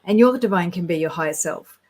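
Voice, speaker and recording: A woman with a fairly low voice tells her stories in a relaxed, rambling way. She sounds earnest and gets excited easily, and her sentences often restart mid-thought. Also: a little fast, rough recording. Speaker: guest sharing spiritual experiences. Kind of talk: casual conversation.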